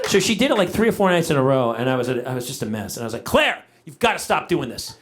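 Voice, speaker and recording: Stand-up comic man with a lively delivery. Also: fairly high pitch, fast talker, hardly any pauses, a little hiss or hum. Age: middle-aged. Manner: animated, exaggerated storytelling with shouted punchlines. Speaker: stand-up comedian. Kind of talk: stand-up comedy set. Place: comedy stage before a live audience. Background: audience laughter.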